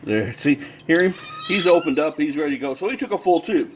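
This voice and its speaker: A man talks through his bird care in a relaxed how-to style, his fairly high voice rising and falling a great deal. He explains step by step, often restarting and filling pauses with "uh". A faint hiss and some chirping sit behind him. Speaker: bird breeder. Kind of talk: casual how-to demonstration.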